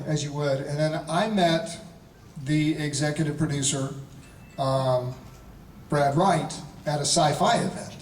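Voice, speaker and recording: A man in his fifties, a guest actor telling a casual anecdote to a convention audience, animated and chuckling, often restarting his sentences. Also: a little high, slight background noise. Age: 50s. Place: large convention hall panel. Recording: echoey hall audio from a distance.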